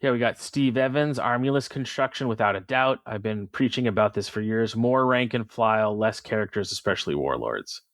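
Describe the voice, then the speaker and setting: A man's voice: medium pitch, steady tone, a little fast, hardly any pauses, no echo. A man co-hosting a podcast, chatting about what he likes in a thoughtful, eager way. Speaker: podcast co-host. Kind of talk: casual chat.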